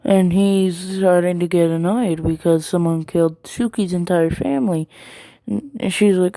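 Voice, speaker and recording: A woman's voice: lowish voice, unhurried, warm tone, no room sound. A woman casually retelling a fan story, rambling with many ums and likes.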